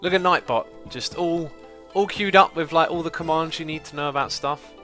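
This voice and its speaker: A man's voice: a little high, normal speed, sharp tone, faint music behind. A man hosting a casual gameplay livestream, chatting away and reading out messages from viewers. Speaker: livestream host.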